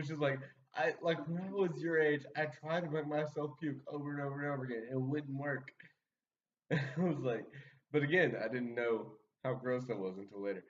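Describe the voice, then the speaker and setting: Young man rambling through a laughing story. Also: on the high side. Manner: rambling, laughs often, lots of fillers. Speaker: podcast guest storyteller. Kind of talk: casual storytelling chat. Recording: muffled sound, distant from the mic.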